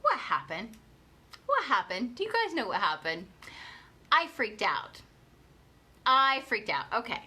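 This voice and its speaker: A woman's voice: a little high, very animated, measured pace, pauses often, pushed and bright, slightly rough. A young woman coaching viewers live in a chatty way, repeating her questions and answering their comments. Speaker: life coach. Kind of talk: live motivational coaching talk.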